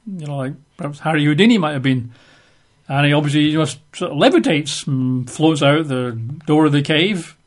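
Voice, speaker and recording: A fairly high-pitched man teaches from scripture. He reads the passage aloud, then breaks off into relaxed, conversational asides to explain it. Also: moderate pace. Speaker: preacher. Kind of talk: casual Bible teaching.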